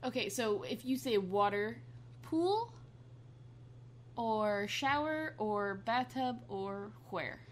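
A woman's voice: on the high side, expressive, slow pace, a little hiss or hum. A woman co-hosting a casual chat, blunt and teasing with jokey banter.

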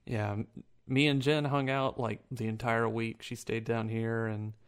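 A man's voice: medium pitch, level tone, unhurried, clear, resonant tone. Man, podcast co-host, casual chat, swears a lot, laughs easily. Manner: loose, profane, laughs often.

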